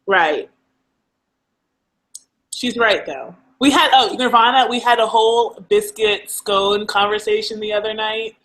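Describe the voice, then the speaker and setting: A woman's voice: mid-range voice, unhurried, fairly bright tone, rough recording. A woman, co-hosting a casual video chat, who laughs often and teases her friend. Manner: giggly, laughs often between lines; teasing, coaxing. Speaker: co-host of a live video chat.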